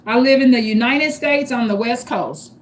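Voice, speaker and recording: A middle-aged woman from St. Louis with a high voice, talking straight to her livestream viewers. She is blunt, tough and full of cursing. Faint noise sits under her voice. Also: normal speed. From St. Louis, Missouri, US. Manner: blunt and profane, street-tough. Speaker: livestream host. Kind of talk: casual livestream talk.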